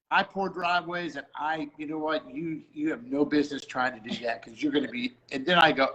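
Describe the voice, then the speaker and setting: A man's voice: on the high side, steady tone, brisk, hardly any pauses, bright, forceful tone, rough recording. A middle-aged man, a music producer, chatting about faith and music and acting out the people he quotes as he tells a story. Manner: storytelling, acts out quoted voices. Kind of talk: casual faith talk.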